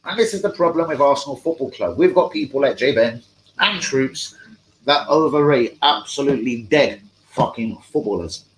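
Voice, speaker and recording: A man's voice: mid-range voice, animated, moderate pace, a little hiss or hum, low-quality recording. A young man hosting a live fan stream, profane, combative and mocking as he talks to his chat. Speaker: fan channel host. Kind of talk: live-stream football rant.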